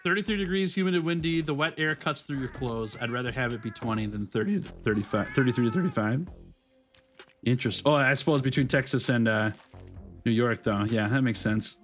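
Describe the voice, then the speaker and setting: A man in his thirties, a gaming streamer, chatting casually with his live viewers, upbeat and quick to laugh. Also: mid-range voice, soft background music.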